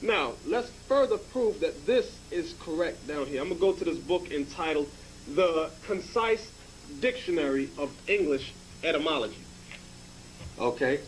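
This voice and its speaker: A man's voice: a little high, expressive, normal speed, a little hiss or hum, poor audio. A man teaching in a lecture style, emphatic and checking in with the class by asking "okay?".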